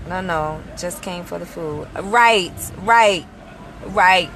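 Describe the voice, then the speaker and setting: A woman's voice: fairly low pitch, takes it slowly, a bit bright. A woman ministry leader chatting casually on a livestream from a parked car outside a mall, greeting viewers by name and blessing them.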